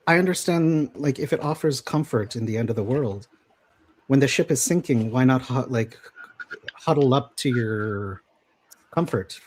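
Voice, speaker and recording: A man's voice: medium pitch, animated, normal speed, a little mellow. A man in a discussion who chips in with brief questioning interjections.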